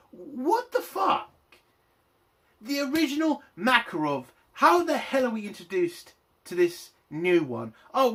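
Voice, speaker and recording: A man's voice: high-pitched, fairly bright tone. Man ranting angrily about a game. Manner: angry, profane, exasperated. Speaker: game reviewer.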